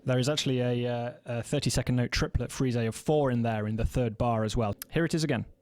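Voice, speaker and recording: A man gives a percussion lesson in a measured, methodical voice. He breaks each rhythm down step by step and counts the beats aloud as he goes. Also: medium pitch, flat delivery, loud music behind the voice. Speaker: percussion teacher. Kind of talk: instructional explanation.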